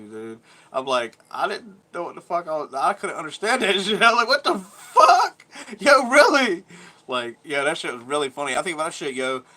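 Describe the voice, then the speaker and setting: A man's voice: mid-range voice, bright, forceful tone. A man in his thirties telling a rambling, profane story from his childhood in a casual vlog, laughing now and then. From Georgia, US. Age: 30s. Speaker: vlogger.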